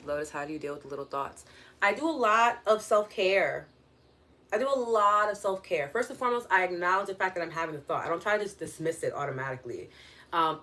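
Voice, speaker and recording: A young woman with a lowish, slightly bright voice hosts a casual wellness live stream. She talks earnestly and reflectively, says "like" a lot, and acts out her inner voices in quoted asides.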